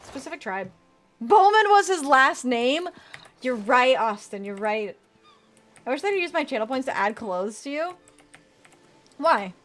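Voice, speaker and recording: Here a VTuber plays a video game on stream, chatting casually, reading and replying to her chat, with the occasional swear. Her voice sits high and sounds sing-song and a bit bright, and she speaks unhurriedly with long pauses.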